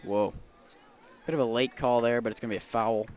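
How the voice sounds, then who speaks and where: A young man giving casual play-by-play commentary on a high school soccer game outdoors, his calls rising with the action. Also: fairly even intonation, a little fast, darkish tone. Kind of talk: amateur sports commentary.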